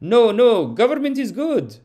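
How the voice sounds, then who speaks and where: A man's voice: sing-song, unhurried, warm tone, full character voice. A man voicing a reluctant male revolutionary who speaks broken English with an Arab accent. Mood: preachy calm. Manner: broken English, high and strained. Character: reluctant male revolutionary, calm then explosive.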